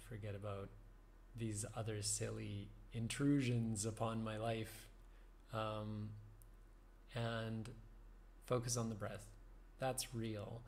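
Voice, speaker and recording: Man, meditation teacher, unhurried reflective talk, gravelly fry, mid pitch. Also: a little hiss or hum. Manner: slow, thoughtful, with soft laughs and fillers.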